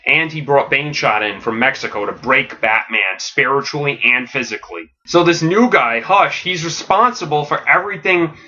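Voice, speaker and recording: A man rambles through a comedic story pitch, piling on fillers with deadpan enthusiasm. His voice is bright and edgy, at a middle pitch, and the podcast audio sounds dull and lo-fi. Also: moderate pace, hardly any pauses, slight background noise.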